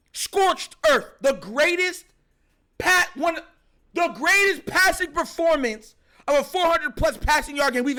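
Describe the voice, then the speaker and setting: A man hosting a sports talk show, giving animated casual reaction commentary and laughing often. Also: very high-pitched. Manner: animated, excitable, laughs often, mimics players.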